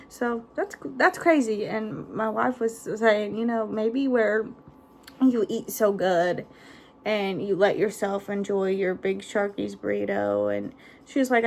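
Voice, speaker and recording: A woman's voice: mid-range voice, gravelly, a little hiss or hum. A woman, chatting casually in a rambling vlog and laughing often. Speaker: vlogger. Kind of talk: casual chat.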